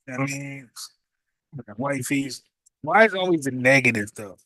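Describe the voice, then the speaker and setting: A man talking through a casual reaction commentary, sounding incredulous as he piles up rhetorical questions. His voice sits at a middling pitch. The sound is dry and close, with no room around it. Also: expressive, a little fast, pushed and bright, dry recording, rough recording.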